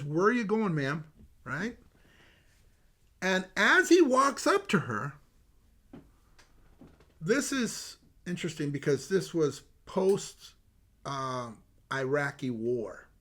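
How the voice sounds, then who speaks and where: An older man, a retired detective, telling stories in an interview. He is animated, laughs often and stops to restart with many fillers. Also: high voice. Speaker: retired homicide detective, guest. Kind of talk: animated anecdotal storytelling.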